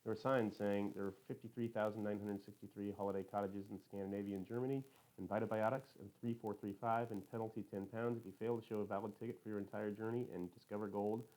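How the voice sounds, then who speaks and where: A man's voice: fairly low pitch, little pitch movement, quick pace, darkish tone, poor audio. A man narrating an audiobook in first person, in a literal, matter-of-fact, detailed way.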